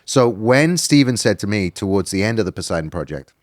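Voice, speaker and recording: A man's voice: lowish voice, sing-song, brisk, no echo. British man telling stories, dry sound. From Britain. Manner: rambling storytelling with restarts. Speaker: documentary filmmaker guest. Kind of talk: casual podcast conversation.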